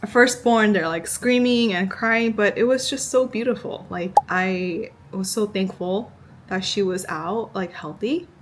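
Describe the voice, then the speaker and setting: A woman's voice: medium pitch, a little slow, slight background noise. Chatty young woman telling a story. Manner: chatty, heavy use of "like" fillers, acts out quotes. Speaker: vlogger. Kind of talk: casual personal storytelling.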